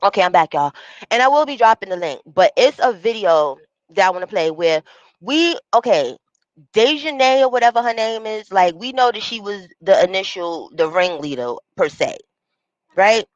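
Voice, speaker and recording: A woman's voice: mid-range voice, expressive, moderate pace, no echo, muffled recording. A woman hosting a livestream, talking bluntly and with lots of profanity, reacting to a news story and greeting viewers by name from a small home booth. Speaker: livestream host. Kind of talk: casual livestream commentary.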